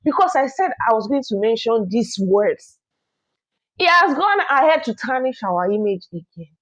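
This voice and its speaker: A woman's voice: a little high, big pitch swings, normal speed, fairly bright tone. A woman with a Nigerian accent, a vlogger, opening her channel with chatty, opinionated commentary. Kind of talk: reaction commentary. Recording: dull lo-fi recording.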